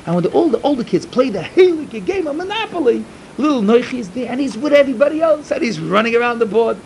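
A middle-aged man giving an emphatic storytelling sermon to a yeshiva, repeating his points and swinging from loud to hushed. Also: very high-pitched, very animated, fast, creaky, a little hiss or hum, poor audio. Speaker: yeshiva speaker.

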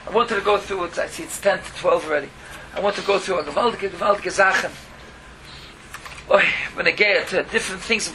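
A fast-talking man with a high voice teaches Torah as a rabbi, sharing stories, mixing in words and springing into exclamations. The audio carries a steady hiss.

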